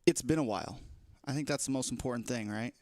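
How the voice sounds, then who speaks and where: A young man talks through the start of his livestream in a loose, rambling way, playful and a little scattered. His voice sits at an ordinary middle pitch. The sound is dry and close, with no room echo. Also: quick pace, a little mellow. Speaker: livestreamer and esports shoutcaster. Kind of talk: casual livestream chat.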